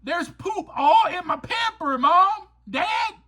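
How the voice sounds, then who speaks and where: A man's voice: extremely high pitch, lively intonation, slow, sharp tone, pitched above the performer's own voice, full character voice. A man voicing a fussy toddler who pleads with his parents in a whiny, sing-song way. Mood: whiny pleading.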